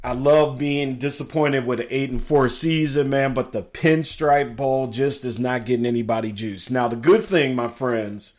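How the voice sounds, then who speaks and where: A man's voice: mid-range voice, normal speed, few pauses, darkish tone. A man hosting a casual sports talk show, chatty and laid-back, with a slightly scratchy throat. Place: home studio.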